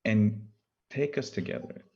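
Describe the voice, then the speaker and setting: A man's voice: on the low side, measured pace, mellow, husky, dull audio, voice pushed up. A man imitating an earnest male business-development head with a Brazilian accent, using hesitant "eh" fillers and emphatic repetition.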